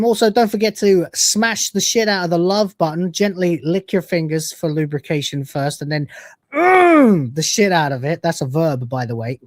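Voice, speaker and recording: A man's voice: high voice, dry recording. A man hosting a casual livestream, joking crudely while reading out donations, his throat still sore from being sick. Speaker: livestream host.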